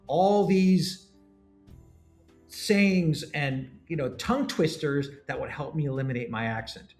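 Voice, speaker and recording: A middle-aged man from Canada telling his story as a startup founder in an interview, animated and often restarting his words. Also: a little high, measured pace, soft background music.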